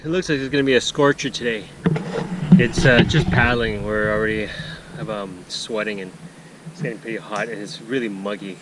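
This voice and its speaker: A man's voice: lowish voice, fairly even intonation, normal speed, very noisy. A man narrating a casual canoe-trip vlog outdoors on a forest portage, rambling with many fillers and restarts. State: out of breath.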